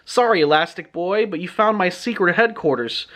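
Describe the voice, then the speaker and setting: A man voicing a menacing male shape-shifting comic-book villain, speaking slowly and threateningly. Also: sits high, fairly bright tone. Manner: slow, threatening.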